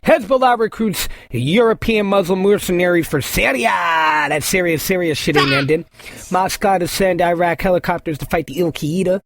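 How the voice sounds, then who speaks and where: A man's voice: high voice, normal speed. A man hosting a podcast, reading news headlines aloud and adding profane, joking asides, stumbling over hard names. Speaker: podcast host. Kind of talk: reading headlines with casual commentary.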